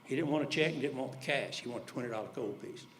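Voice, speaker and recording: An older man, telling folksy stories in a speech and dropping his voice low when he quotes others. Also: fast, fairly bright tone, slight background noise. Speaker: speaker at an alumni event. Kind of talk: storytelling speech.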